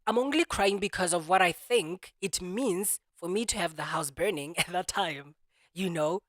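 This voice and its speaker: A man's voice: sits high, normal speed, fairly bright tone, no echo. Reflective man talking, dry close sound. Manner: thoughtful, searching for words, many restarts and "you know"s. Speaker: podcast host. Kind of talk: reflective solo podcast monologue.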